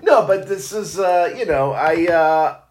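A middle-aged man, an actor, in casual chat, talking in halting, self-deprecating bursts and laughing often. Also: sits high, expressive. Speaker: stage actor.

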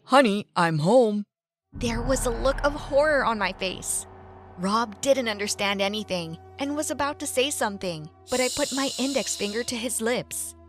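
A woman narrating a first-person story in a lively, animated way. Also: on the high side, normal speed, soft background music.

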